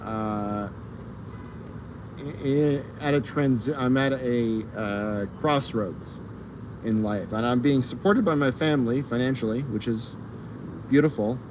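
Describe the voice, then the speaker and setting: A man chats unhurriedly on a livestream from an outdoor fire escape, his words drawn out at a slow pace. He rambles, swears freely and keeps trailing off into ums and uhs, in a middle-pitched voice with faint outdoor sounds behind him. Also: background noise. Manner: rambling, profane, laughs a lot, trails off in fillers. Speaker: streamer. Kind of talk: casual livestream chat.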